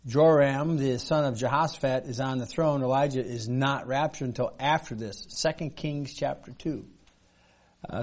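A middle-aged man teaching a Bible study class, reading verses aloud and explaining them in a halting, unpolished way. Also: medium pitch, darkish tone. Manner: halting, many fillers and restarts, reads verses aloud.

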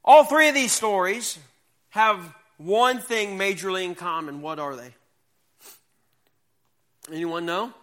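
A man teaching a Bible lesson to young people, reading scripture slowly and quizzing the class. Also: high-pitched, a bit bright.

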